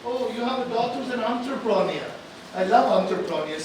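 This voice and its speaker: A man giving a live stage talk and drawing out the audience, energetic and coaxing, repeating phrases for emphasis. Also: very high-pitched, brisk. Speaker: motivational speaker addressing an audience. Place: large conference hall. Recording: echoey hall, distant, background noise.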